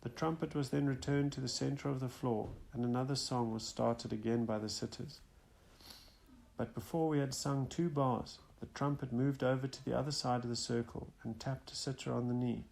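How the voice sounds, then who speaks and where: A man reads a first-person account aloud in a steady, measured way. His voice has a gravelly, creaky texture at a middle pitch. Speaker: audiobook narrator. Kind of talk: first-person nonfiction audiobook reading.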